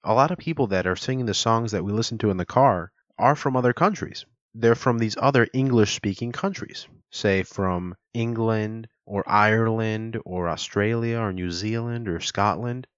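A man's voice: on the low side, normal speed, few pauses, no room sound. A man hosting a solo podcast, explaining things in a chatty, playful way. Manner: chatty, explanatory, playfully demonstrates words aloud. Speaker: podcast host. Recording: dull lo-fi recording.

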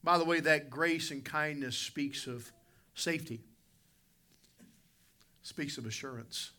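Male pastor preaching in church, very forceful bright tone, emphatic, big swings from loud peaks to low asides. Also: takes it slowly, a little hiss or hum. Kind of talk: preaching a sermon. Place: church service with congregation responding.

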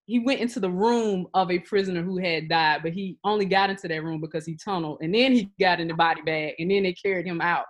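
A woman's voice: fairly low pitch, fast talker, hardly any pauses. A woman co-hosting a casual chat, blunt and joking, cutting in with comments. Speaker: podcast co-host.

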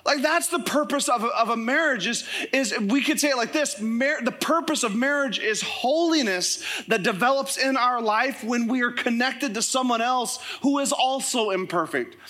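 A young man preaching in a church service, his voice strikingly high and bright. He tells funny stories with lively, animated delivery before the congregation. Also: normal speed, hardly any pauses. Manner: animated, joking storytelling. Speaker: pastor. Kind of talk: sermon.

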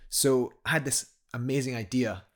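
A man's voice: medium pitch, steady tone, normal speed. A man, a guest telling a climbing story in a casual podcast chat, enthusiastic and rambling with many restarts.

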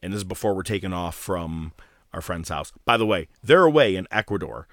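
A man's voice: deep voice, fairly quick, no echo, studio quality. A man co-hosting a wrestling podcast, telling stories animatedly in casual chat. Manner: animated storyteller, acts out voices. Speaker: podcast co-host.

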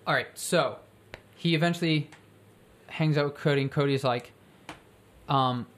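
Rambling, animated story-pitching speaker. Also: measured pace. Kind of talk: casual brainstorming chat.

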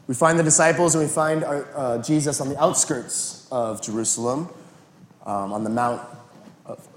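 A man preaching a sermon as a pastor, telling the story in a relaxed, conversational way and acting out the quotes. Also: medium pitch, slight background noise. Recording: echoey room.

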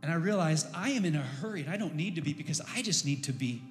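A middle-aged man preaches in a relaxed, conversational way and shares candid personal stories. His voice rings through a large, reverberant hall. Soft music plays faintly beneath him. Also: on the high side, quick pace. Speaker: pastor. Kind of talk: sermon.

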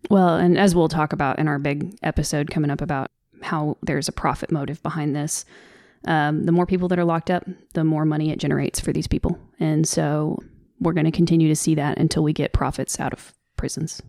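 Here a co-host with a Southern American accent, from the Southern US, chats on a casual podcast in a deep voice with fairly even intonation and a fairly quick pace. She's earnest and off the cuff, laughing softly; the studio microphone gives a dry, clean sound.

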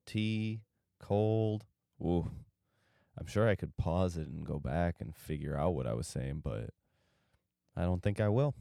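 A man's voice: low-pitched, animated, unhurried, creaky, pauses often, warm tone, dry recording, studio quality. A tired young man rambling loosely through a solo podcast, drifting off topic and losing his train of thought. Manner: drowsy, meandering, loses his train of thought. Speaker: podcast host.

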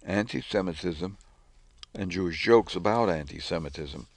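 A man reading news articles aloud in a measured, scripted way. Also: deep voice, dry recording.

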